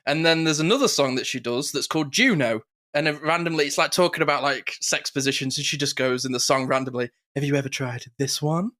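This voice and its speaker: A man co-hosting a podcast in casual chat, animated and quick to mimic catchphrases. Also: on the high side. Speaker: podcast co-host.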